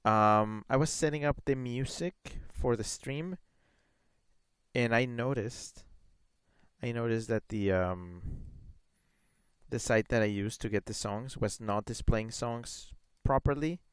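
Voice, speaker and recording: A man's voice: mid-range voice, slow pace, clear, resonant tone, dry recording. Rambling man streaming a game. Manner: rambling, many fillers, reads chat messages aloud. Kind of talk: casual live-stream chat while gaming.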